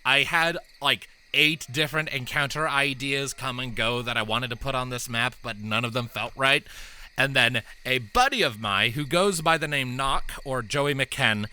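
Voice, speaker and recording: A man narrating as game master of a tabletop game, animated and laughing, with lots of fillers. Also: medium pitch, normal speed, clear, resonant tone.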